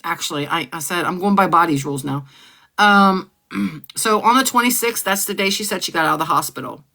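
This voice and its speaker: A woman hosting a casual live stream, reading out old text messages and often clearing her throat. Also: on the low side, brisk, pushed and bright. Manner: conversational, often clears throat, repeats herself. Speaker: livestream host.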